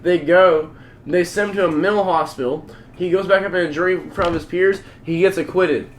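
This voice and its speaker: A man telling a story on a casual podcast, profane and excitable, acting out quotes loudly. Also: high voice, brisk, slight background noise. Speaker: podcast co-host.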